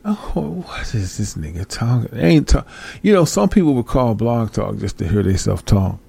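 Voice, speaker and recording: A man's voice: medium pitch, lively intonation, normal speed, creaky, a little mellow, slightly rough, no echo. A man hosting a talk show, ranting in an exasperated, profane way and laughing often. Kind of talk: casual ranting commentary.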